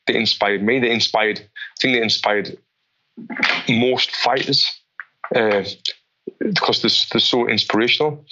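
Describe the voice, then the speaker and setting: A man, a boxing coach being interviewed, telling animated stories and often restarting his sentences. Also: lowish voice, dull audio. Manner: animated storyteller with many restarts. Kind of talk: interview conversation.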